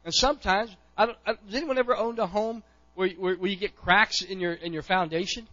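A middle-aged male pastor preaching a sermon, impassioned, often pushing to near-shouts and repeating words as he goes. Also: sits high, steady tone, a little fast, lo-fi sound.

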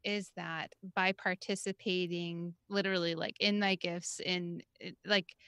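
A religious sister co-hosting a podcast, chatting with lots of fillers and frequent laughter. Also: female voice, on the low side, measured pace, clean tone, no echo, studio quality. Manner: animated, laughs often, many fillers. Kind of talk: casual chat.

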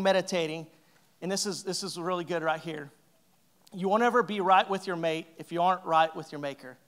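A male pastor preaching a sermon, telling a story with lively acted-out quotes and joking asides. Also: high voice. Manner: animated storytelling, acting out characters' lines.

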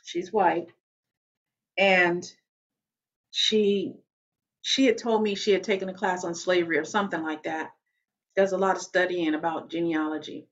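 A woman hosting her own channel, explaining a topic to the viewer in a measured, emphatic way and repeating key phrases. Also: lowish voice, fairly even intonation. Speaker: channel host. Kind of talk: explanatory talk to camera. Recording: slightly dull lo-fi sound.

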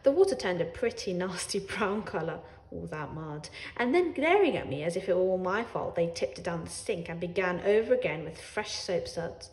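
A woman reading a children's book aloud as a sardonic, wry cat narrator, expressive and laughing along. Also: fairly low pitch, normal speed, few pauses. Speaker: storyteller. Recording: roomy echo.

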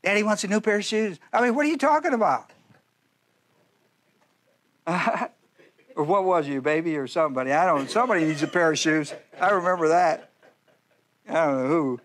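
Full of quick asides and playful jabs at his listeners, a male pastor delivers a folksy, joking sermon. His voice is a little high and fairly bright, with lively intonation.

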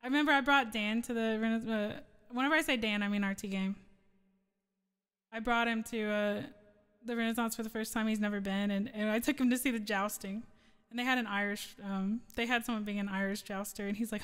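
A woman's voice: a little high, fairly even intonation, a little fast, a bit bright, clean tone, long reverb tail. A woman streamer chatting casually with viewers between song requests, rambling and laughing often. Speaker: streamer and singer.

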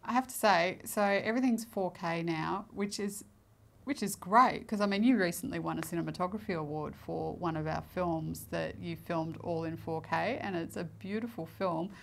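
A woman with a slightly low voice leads the conversation with questions. She is chatty and inquisitive, and laughter comes easily to her. She sounds relaxed and conversational. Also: normal speed, gravelly. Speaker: co-host asking questions. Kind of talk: casual conversational chat.

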